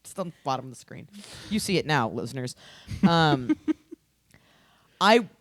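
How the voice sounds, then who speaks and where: A woman co-hosting a podcast in casual chat, excitable and laughing often as she spins theories out loud. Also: rumbling low, a little slow, no room sound, studio quality. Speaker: podcast co-host.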